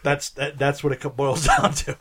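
A man's voice: medium pitch, breathy edge. A man hosting and editing a podcast, recapping a movie in casual chat, laughing often and jumping in eagerly. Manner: excited, laughing, quick to interrupt. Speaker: podcast host and editor.

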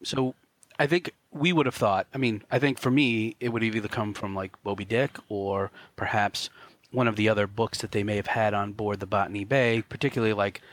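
A man's voice: fairly low pitch, fairly even intonation, brisk, no room sound. A man co-hosting a podcast, chatting about a film in a loose, rambling way full of fillers. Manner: rambling, many "you know" fillers, explanatory. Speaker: podcast co-host. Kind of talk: casual film commentary chat.

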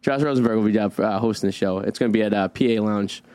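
A man's voice: fairly low pitch, a little mellow, dry recording. A man co-hosting a casual radio show, plugging upcoming dates and stumbling over his words with lots of fillers. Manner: halting, many fillers and restarts.

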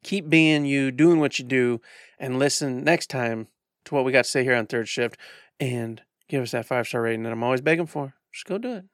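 A man's voice: fairly even intonation, fairly quick, no room sound, clean studio sound. A man co-hosting a podcast, playfully pleading with listeners in casual chat. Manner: playful, pleading sales pitch. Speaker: podcast co-host.

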